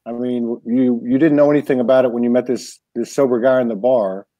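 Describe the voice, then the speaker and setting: Guy hosting an interview, warm mellow tone, kinda rambling questions, dry sound. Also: medium pitch, steady tone, brisk, dry recording. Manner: asks rambling, searching questions. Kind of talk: interview conversation.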